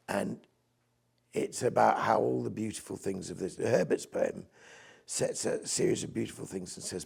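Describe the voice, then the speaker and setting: An older English man, a poet and priest, talking through the craft of his poems in an interview and dropping low to recite verse. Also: normal speed, gravelly, breathy edge. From England. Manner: enthusiastic, nerdy about poetic meter, drops to soft low recitation for verse.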